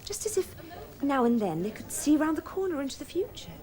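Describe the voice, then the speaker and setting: A woman's voice: high voice, sing-song, a little fast, mellow. An actress playing an earnest, dreamy young woman running a party game in a televised stage drama. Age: young adult. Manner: eager, bossy, reflective.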